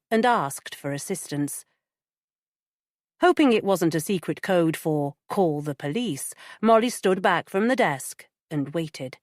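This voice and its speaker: A woman narrates an audiobook from a script in a measured, even storytelling manner. Her voice is fairly low in pitch, and the dry recording is of studio quality.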